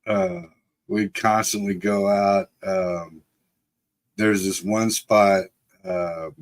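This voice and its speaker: Middle-aged male host, slightly low voice, rambling casual storyteller. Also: extremely slow, vocal fry. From Texas. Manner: laid-back, rambling, laughs often, lots of fillers. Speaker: livestream host.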